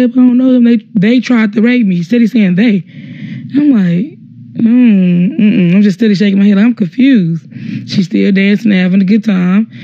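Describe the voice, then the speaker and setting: Young man, high voice, casual live-stream storytelling, rambling, lots of swearing, acts out quotes, dull lo-fi phone audio. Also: gravelly, mellow, dry recording.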